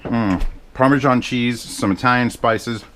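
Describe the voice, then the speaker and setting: A man's voice: mid-range voice, measured pace, a bit bright, slight background noise. Casual, rambling man cooking at home. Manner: rambling, profane, self-mocking asides. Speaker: cooking vlogger. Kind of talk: casual cooking vlog chat. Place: home kitchen.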